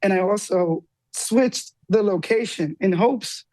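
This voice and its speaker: A woman guest telling a personal story with lively energy, acting out the voices of the people in it. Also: takes it slowly, no room sound. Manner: lively, acts out quoted dialogue with big pitch jumps. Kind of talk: animated storytelling in an interview.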